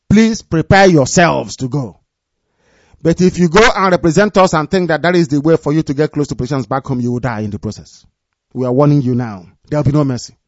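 A man giving a live radio address to his followers as their movement leader. He speaks in a commanding, repetitive way and drops low and quiet when he gives warnings. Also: no echo, lo-fi sound.

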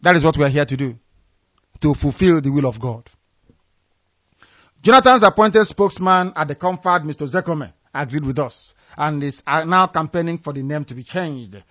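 Guy ranting on the radio, emphatic, kinda high voice, dry dull recording. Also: expressive, normal speed, a bit bright, no room sound. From Nigeria. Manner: fiery, scornful, emphatic, repeats phrases for stress. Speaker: radio broadcaster. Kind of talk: impassioned political commentary.

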